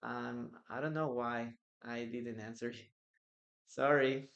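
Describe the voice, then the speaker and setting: A man's voice: mid-range voice, fairly even intonation, slow pace, gravelly, a bit bright, muffled recording. A man with a Peruvian Spanish accent teaching English in a live online class, answering viewers' questions from the chat. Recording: echoey room.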